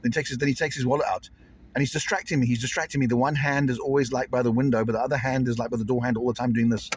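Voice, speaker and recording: A man's voice: medium pitch, steady tone, rapid-fire, a little hiss or hum. A man vlogging casually to camera, rambling and repeating himself in an uneasy way.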